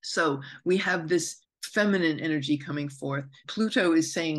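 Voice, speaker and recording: A woman's voice: sits low, normal speed, hardly any pauses. A woman astrologer hosting her own podcast, talking unscripted in a meandering, reflective way, correcting herself and drifting into asides. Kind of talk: unscripted spoken monologue.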